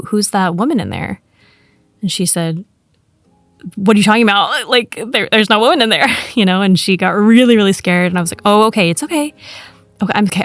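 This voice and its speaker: A woman podcast host telling a personal ghost story in a chatty, animated way, acting out the quoted lines. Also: on the low side. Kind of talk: casual storytelling.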